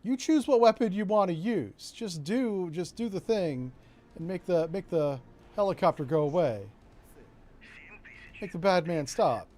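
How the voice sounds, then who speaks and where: A middle-aged man with a Florida accent talks through a naval strategy game in a loose, joking way. His voice sits a little high for a man. He keeps throwing in asides to the people watching. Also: animated, measured pace, warm tone. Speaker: streamer. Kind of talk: casual gameplay commentary.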